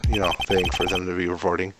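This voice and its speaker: Low-voiced guy doing dry sarcastic commentary on a game, loud music underneath. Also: monotone, quick pace. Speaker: let's play gamer. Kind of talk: reading game dialogue aloud with commentary.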